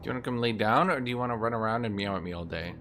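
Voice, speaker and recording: Low-voiced man giving casual game commentary. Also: racing, music in the background. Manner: chatty, profane, thinking aloud. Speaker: gaming video host.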